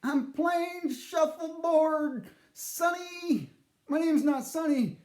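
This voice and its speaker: A man voicing a ghostly old grandmother who is pushy and doting, speaking in a shrill, wheedling voice. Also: slow, darkish tone, echoey room. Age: older.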